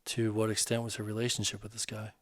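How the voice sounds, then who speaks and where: Man putting on a gentle male teacher, soft-spoken, reassuring, low voice, dry close sound. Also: monotone, fast talker, no echo, close to an everyday voice. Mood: calm, caring. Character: gentle male movement teacher, calm and supportive.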